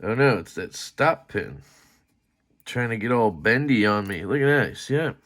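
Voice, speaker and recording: With a lowish, animated voice and a fairly bright tone, a man talks at a measured pace while disassembling a knife on camera. The knife reviewer rambles to viewers as he works in this casual vlog, grumbling, swearing mildly, and poking fun at himself.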